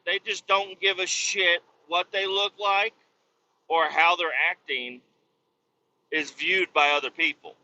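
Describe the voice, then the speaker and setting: A man with a bright, piercing voice tells a profane story as a podcast host, jumping from mutters to exasperated shouts. His voice sits a bit higher than most men's. The recording is a little dull, with faint noise underneath. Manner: animated, swears a lot, jumps into loud exasperated outbursts. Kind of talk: profane comedic storytelling rant.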